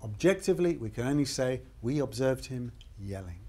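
An actor playing an upbeat game show host in a scripted training video, speaking. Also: male voice, mid-range voice, expressive, a little fast, warm tone, natural voice. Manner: upbeat, emphatic presenter.

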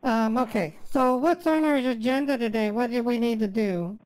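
A man's voice: very high-pitched, moderate pace, slight background noise. A man voicing a fragile, rambling woman who sobs with grief and then chatters on sweetly. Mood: chatty, sweet. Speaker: scambaiter.

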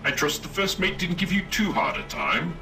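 Pompous robot Captain Ironsides. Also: male voice, wildly swooping pitch, normal speed, music in the background. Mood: commanding. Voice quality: booming formal naval diction. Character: pompous robot ship captain, male, old-fashioned, commanding.

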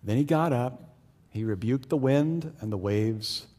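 A man preaching a sermon as pastor, talking to the congregation in a conversational way and swinging between loud, excited storytelling and low, hushed emphasis. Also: a little slow, big-room sound. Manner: conversational, with fillers and asides to the congregation.

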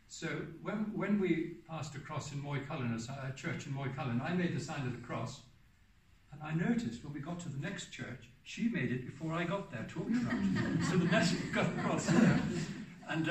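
Seventies man, hermit telling stories to a gathering, meandering and self-correcting, heard from a distance. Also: a little high. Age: 70s. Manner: rambling, often restarts and corrects himself. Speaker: hermit giving a public talk. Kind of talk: anecdotal storytelling talk. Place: hall for a public talk. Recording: roomy sound from a distant mic.

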